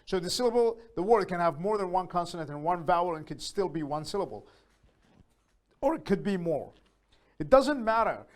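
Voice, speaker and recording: Man slowly repeating words for learners. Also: high-pitched, big pitch swings. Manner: slow, repeats words aloud to model pronunciation; patient, explains step by step with fillers. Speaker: English teacher. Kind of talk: beginner English lesson.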